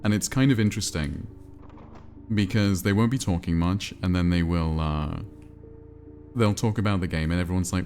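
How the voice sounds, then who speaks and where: A man streaming a cozy game, chatting in a relaxed, rambling way and answering his chat. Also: deep voice, normal speed, slight background noise. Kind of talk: casual chat while playing a cozy game.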